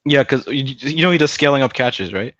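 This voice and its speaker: A man's voice: medium pitch, lively intonation, quick pace, a bit bright, no room sound, muffled recording. A man chatting casually on a stream, rambling, swearing a lot and laughing often. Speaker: stream host. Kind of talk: casual chat.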